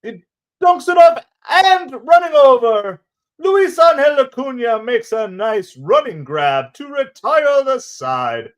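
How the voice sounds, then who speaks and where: A high, lively old-time 1940s radio baseball announcer, as a man puts him on. He calls the play slowly and theatrically, stretching every phrase. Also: exaggerated voice. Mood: announcing. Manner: slow, drawn-out, theatrical delivery.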